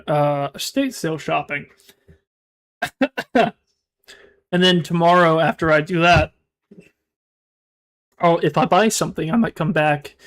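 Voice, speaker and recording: Rambling, halting male streamer. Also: on the high side. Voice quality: mumbled, self-described monotone. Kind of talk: casual live-stream chat.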